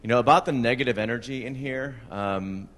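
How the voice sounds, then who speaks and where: A man's voice: mid-range voice, brisk, a bit bright. A man making reflective remarks at a conference open mic, with fillers. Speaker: conference attendee. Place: large conference room. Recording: long hall reverb.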